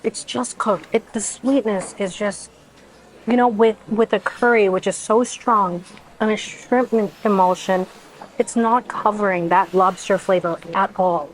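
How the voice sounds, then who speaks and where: A woman's voice: medium pitch, unhurried, slight background noise, rough recording. Effusive woman food vlogger. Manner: effusive, exclaims often while tasting. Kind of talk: casual food review to camera.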